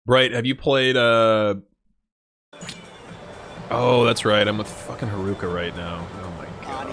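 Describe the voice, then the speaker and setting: A man's voice: on the low side, fairly even intonation, unhurried, fairly bright tone, faint music behind. A young man streaming a game, rambling and joking with frequent swearing as he plays. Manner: rambling, jokey and profane. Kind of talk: casual gameplay commentary.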